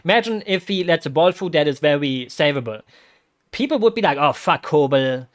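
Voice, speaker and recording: A man streaming as a vtuber, reacting live to a football match in a rambling, excitable way with bursts of loud exclamations. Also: a little high, fairly quick.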